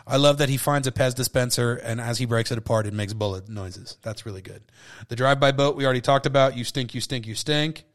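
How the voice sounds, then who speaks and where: A man's voice: mid-range voice, fast. A tipsy man hosting a solo podcast, rambling loosely and swearing, often cutting himself off. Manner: loose, profane, self-interrupting. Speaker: podcast host.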